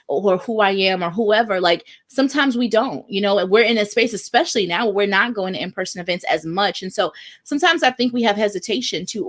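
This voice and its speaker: Chatty, affirming woman host. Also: mid-range voice. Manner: affirming, chatty, reads viewer comments. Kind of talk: live online show interview.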